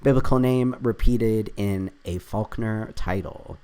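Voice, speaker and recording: A man's voice: fairly low pitch, unhurried, warm tone, smooth. A man hosting his own video, thinking aloud as he works through a crossword, reading clues half to himself with chatty, self-deprecating asides.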